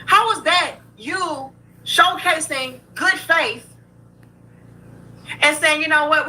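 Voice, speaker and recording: Woman reactor, blunt and sarcastic, high bright voice, faint background noise. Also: recorded from a distance, rough recording. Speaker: reaction commentator. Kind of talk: casual reaction commentary.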